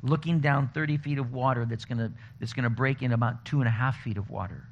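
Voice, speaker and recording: Male pastor, conversational sermon, animated storytelling, faint background hiss. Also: mid-range voice, a little fast, hardly any pauses. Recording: dull lo-fi recording with faint noise.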